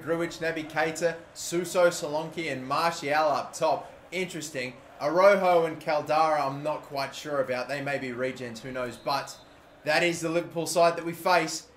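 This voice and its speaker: Excitable Australian man commentating a football game. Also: fairly high pitch. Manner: swings from calm musing to loud shouting at goals. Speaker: gaming YouTuber. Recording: echoey room with faint noise.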